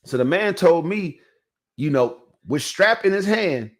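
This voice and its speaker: Talking straight to his viewers, this man hosting a podcast rambles through a slangy story in a casual monologue. He sounds fairly high-pitched and animated, yet unhurried.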